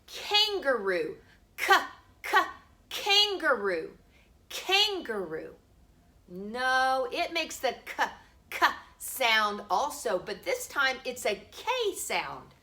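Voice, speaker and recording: A middle-aged woman teaching a home preschool lesson, slowly sounding out letters for small children. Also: high-pitched, sing-song, sharp tone.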